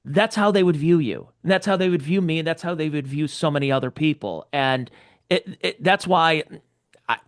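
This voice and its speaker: Man, podcast host, rambling, stammering restarts, slightly high pitch. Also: normal speed. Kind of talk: podcast interview.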